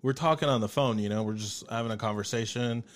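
A man telling a story in casual chat, animated, swearing freely and acting out what people said. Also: mid-range voice, quick pace. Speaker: podcast guest.

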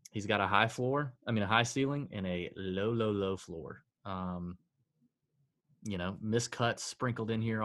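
A man's voice: lowish voice, a bit bright. A man co-hosting a casual podcast, reeling off stats with sighs and dry self-mockery. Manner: stat-heavy, sighing, self-deprecating. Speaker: podcast co-host. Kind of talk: casual sports betting chat.

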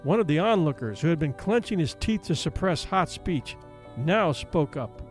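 A man narrating a classic novel aloud with expressive storytelling. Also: fairly high pitch, normal speed, faint music behind. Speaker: audiobook narrator. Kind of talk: scripted narration.

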